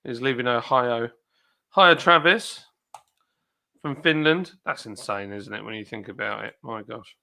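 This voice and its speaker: A man hosts a relaxed live stream, reading out viewer comments and wandering off on tangents as he goes. His voice is bright and forward. He sits at a middle pitch for a man. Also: unhurried, gravelly. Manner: chatty, rambling, reads comments aloud. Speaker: livestream host reading viewer chat. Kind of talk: casual chat.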